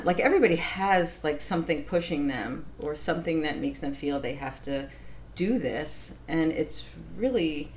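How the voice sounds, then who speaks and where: A woman being interviewed, telling a personal story in a casual, animated way, laughing often and acting out what others said. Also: deep voice, a little slow. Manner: animated, laughs often, acts out quoted voices. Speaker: interview guest.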